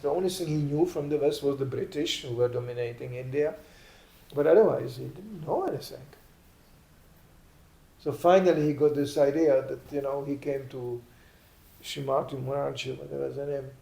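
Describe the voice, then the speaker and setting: Male preacher, lively storyteller, mellow tone, roomy hall sound. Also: moderate pace, creaky. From Sweden. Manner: animated, acts out quotes with raised pitch. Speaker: spiritual lecturer. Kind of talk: storytelling sermon. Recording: echoey room.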